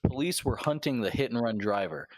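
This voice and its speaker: A man in casual podcast chat, reading odd news aloud and cursing excitedly. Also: medium pitch, brisk, dry recording. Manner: profane, excitable.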